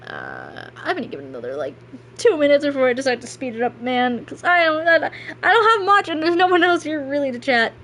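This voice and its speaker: Rambling woman streamer, higher voice. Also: huge pitch swings, fairly quick, fairly bright tone, slight background noise. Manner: rambling, self-deprecating, restarts often. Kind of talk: casual gameplay stream chat.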